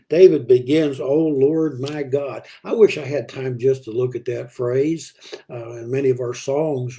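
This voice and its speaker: A man preaching a daily devotional in an unhurried way, with many pauses and fillers. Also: medium pitch, warm tone. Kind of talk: devotional Bible talk.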